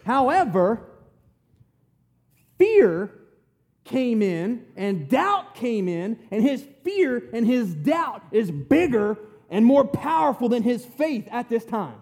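High-voiced man preaching in folksy talk. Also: big pitch swings, slow, a little mellow. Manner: folksy, emphatic, retells scripture in plain talk. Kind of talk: conversational sermon.

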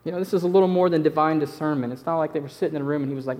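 A man's voice: fairly high pitch, steady tone, very fast, hardly any pauses, a little mellow. A man preaching a sermon in a conversational, emphatic way, repeating his key phrases for weight. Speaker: pastor.

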